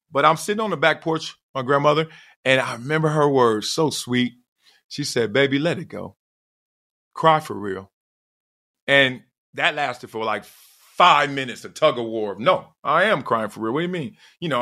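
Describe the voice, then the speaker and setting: A middle-aged man hosting a podcast, telling a personal story in an emphatic, digressive way with sudden loud whoops. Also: mid-range voice. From Southern California. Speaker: podcast host.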